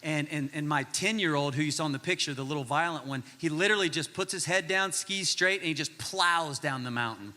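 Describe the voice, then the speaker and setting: A man's voice: on the high side, brisk, hardly any pauses. A man in his forties preaching a sermon, telling a funny story with lots of energy and acting out the voices of the people in it. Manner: animated, jokey, acts out voices in his stories. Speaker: pastor. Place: large church auditorium. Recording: long hall reverb.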